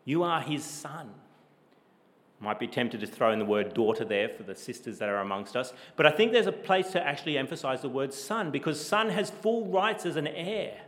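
A man preaching a sermon with emphatic rhetorical questions, his delivery rising loud and then dropping low. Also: lively intonation, normal speed, big-room sound.

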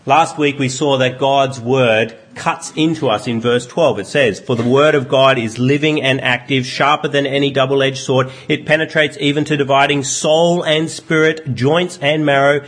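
A man's voice: mid-range voice, steady tone, normal speed, few pauses, a bit bright. A man preaching a sermon in a conversational way, asking his listeners rhetorical questions. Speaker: pastor.

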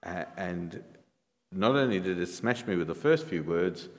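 A man's voice: sits low, lively intonation, measured pace. A man preaching a sermon as pastor, explaining things patiently and asking the congregation rhetorical questions. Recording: long reverb in a large hall.

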